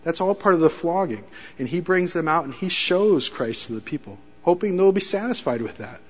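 A man preaching a sermon, telling the story with animated delivery and acting out quoted lines with rising intensity. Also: on the high side, normal speed, husky, big-room sound, muffled recording.

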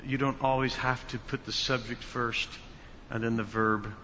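A man preaching a sermon as pastor, slow and emphatic, building to loud stressed words. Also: mid-range voice, little pitch movement, slight background noise. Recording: dull sound with long hall reverb.

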